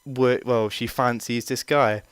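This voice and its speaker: A young man tells a story in a loose, chatty way, full of fillers and the odd swear word. His voice is smooth and very clear. The recording is dry, with no room sound. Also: mid-range voice, fairly even intonation, measured pace, no echo. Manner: rambling, chatty, swears freely, many fillers. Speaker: vlogger. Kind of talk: casual storytelling.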